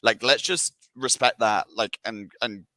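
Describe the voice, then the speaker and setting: Casting: man, sales director type, lowish forceful voice, dry close mic, casual eager webinar chat. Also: a little slow, no echo. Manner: enthusiastic, filler-heavy, many restarts.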